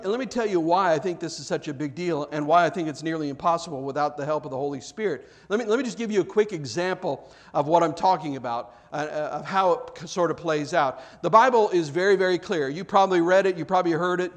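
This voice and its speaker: A male pastor delivering a sermon in a fairly high voice. He swings between lively, joking bits where he acts out other people and quiet, earnest stretches when making his main point. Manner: animated, acts out quoted voices, jokes with congregation; drops to soft, earnest tones for serious points.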